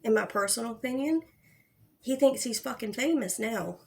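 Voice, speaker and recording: A woman's voice: a little high, animated, moderate pace, gravelly, a little mellow. Blunt, swearing woman commentator. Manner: blunt and profane, with frequent restarts. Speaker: drama commentary host. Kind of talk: casual livestream commentary.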